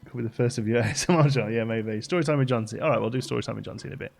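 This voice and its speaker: A man's voice: medium pitch, very fast, gravelly, slight background noise. Chatty man streaming. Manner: rambling and chatty, many fillers and restarts. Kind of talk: casual live-stream chat.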